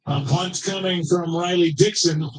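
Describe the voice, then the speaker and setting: A man with a high, bright-edged speaking pitch calls a football game live. He moves briskly from play to play, naming who did what on the field. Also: steady tone, low-quality recording. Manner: brisk, descriptive call of each play. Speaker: play-by-play commentator.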